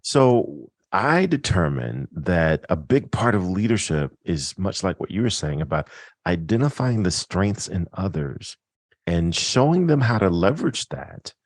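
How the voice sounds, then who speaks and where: A podcast host with a very low, deep male voice tells a story from his working life. He is thoughtful and self-deprecating, and the recording is dry with no room sound. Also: sing-song, measured pace, dry recording. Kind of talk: casual interview chat.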